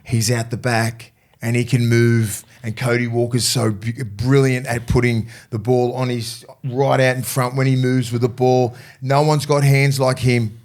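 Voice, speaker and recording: Aussie bloke, middle-aged, swearing a lot, animated footy podcast chat. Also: male voice, mid-range voice, measured pace. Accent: Australian. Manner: blunt and swearing, animated retelling of conversations. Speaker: podcast co-host, former rugby league player. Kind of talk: casual sports podcast chat.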